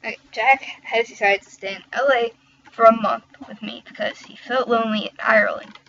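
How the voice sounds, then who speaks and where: A woman's voice: a little high, steady tone, brisk, a bit bright, highs cut off, a little hiss or hum. A teenage girl reading fan fiction aloud with giggly, chatty asides. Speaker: reader.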